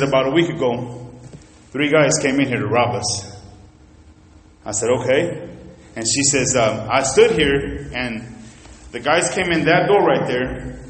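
A man preaching a sermon in a church, telling stories in an animated way and swinging between loud and hushed. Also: medium pitch, a little hiss or hum. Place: church sanctuary. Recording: echoey church hall.

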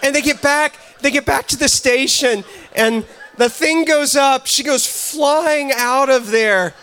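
A man preaching a sermon, telling a comic story in an animated way and shouting on the punchlines. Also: very high-pitched, unhurried, a little hiss or hum. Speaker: pastor.

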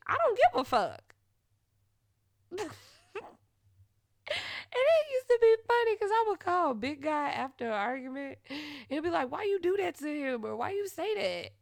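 A woman hosting a podcast, telling a personal story in a blunt, profane way that swings into loud, heated retellings. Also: sits high, sing-song, normal speed, creaky, no room sound, studio quality. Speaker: podcast host. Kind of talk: candid storytelling monologue.

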